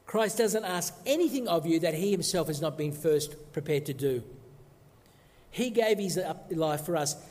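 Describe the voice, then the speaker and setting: A man preaching a sermon emphatically, posing rhetorical questions and dropping low for solemn points, recorded in a church. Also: a little mellow. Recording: long echoey hall reverb.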